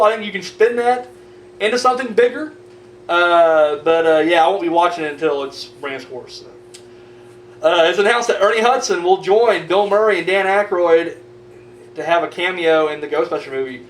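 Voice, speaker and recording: A man's voice: high voice, lively intonation, brisk. A man hosting a horror news vlog, ranting and swearing in casual, rambling commentary. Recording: roomy, distant mic, faint noise.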